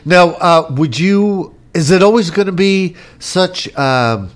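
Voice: medium pitch, animated, slow pace. An interviewer in a casual chat, asking curious, blunt and teasing questions.

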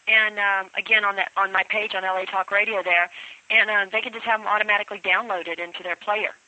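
A woman's voice: medium pitch, steady tone, quick pace, pushed and bright, no room sound. A woman from Memphis with a Southern accent, a guest on a radio show, chatting in a rambling way with lots of "you know"s. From Memphis, USA. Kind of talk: casual radio interview. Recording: dry, slightly muffled phone line.

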